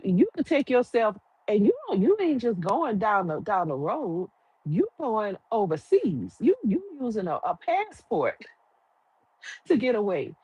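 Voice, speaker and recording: Chatty opinionated woman with a husky voice. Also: fairly high pitch, darkish tone, no echo, lo-fi sound. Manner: opinionated, rhetorical questions, colloquial. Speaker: TV recap reviewer. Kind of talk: casual chatty review.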